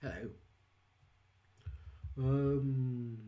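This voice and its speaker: A man's voice: mid-range voice, sing-song, moderate pace. A man chatting casually on a livestream as a psychic witch, wry and self-deprecating.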